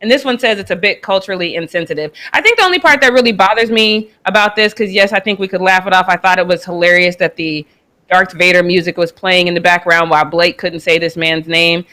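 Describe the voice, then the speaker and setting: A woman's voice: fairly low pitch, fast, bright, forceful tone. A woman from the United States hosting a live sports talk show, chatting casually and laughing as she reacts to clips. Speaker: host. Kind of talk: casual commentary on sports news.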